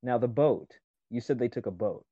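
A man's voice: medium pitch, normal speed, slightly rough, no echo. Male player on a dull lo-fi mic. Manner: animated, laughing asides between in-character lines. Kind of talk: tabletop role-play.

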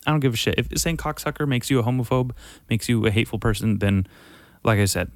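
A man hosting a podcast, ranting in a heated, profane and sarcastic way, swinging from loud outbursts to muttering. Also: low voice, no echo. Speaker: podcast host. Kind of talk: casual profane rant.

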